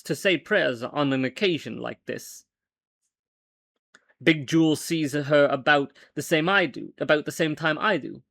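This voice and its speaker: A man reads an old-fashioned story aloud in a wry, deadpan storytelling voice that sits slightly high. He stumbles and corrects himself now and then. The sound is close and dry. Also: no echo. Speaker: host and reader. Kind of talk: dramatic story reading.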